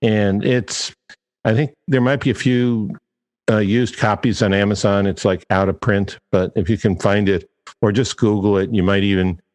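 A man's voice: fairly low pitch, fairly even intonation, normal speed, a little mellow, in a large hall. A man hosting a podcast, talking casually in a chatty, digressive and self-deprecating way. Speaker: podcast host.

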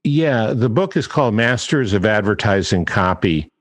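Man, podcast host, deep voice, casual and digressive, self-deprecating, long reverb. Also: animated, moderate pace.

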